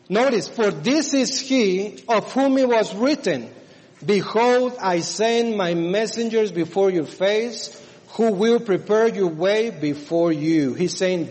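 A man's voice: sits high, expressive, slow, darkish tone, long reverb tail, low-quality recording. A man preaching a sermon in an earnest, exclaiming way, with frequent fillers as he walks through scripture.

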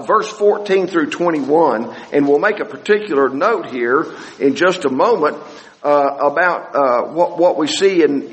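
A man preaching a Bible study sermon, often halting and repeating words as he searches for the next phrase. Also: fairly high pitch, long reverb tail, poor audio.

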